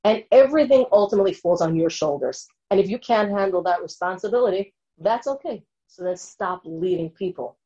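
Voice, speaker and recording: Earnest lady giving a class, mellow dark tone, kinda muffled lo-fi sound. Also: mid-range voice, animated, brisk, few pauses. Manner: earnest, often checks in with 'right?'. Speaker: lecturer. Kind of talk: lecture answering an audience question.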